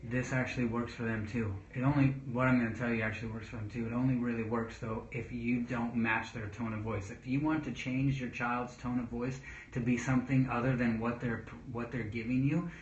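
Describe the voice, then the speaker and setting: A man's voice: mid-range voice, brisk, few pauses. A man who is a children's pastor, giving casual parenting advice to camera in a rambling way with restarts. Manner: rambling, with restarts and calm demonstrations of speech. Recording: roomy, dull sound with faint noise.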